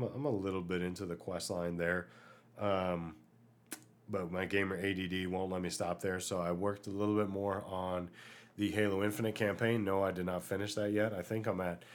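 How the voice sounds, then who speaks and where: Deep-voiced guy doing a solo podcast, lots of ums and uhs, gets worked up, still a bit sick. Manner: animated, ranting, chatty with many fillers. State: getting over an illness, coughing. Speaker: podcast host. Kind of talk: casual solo podcast talk.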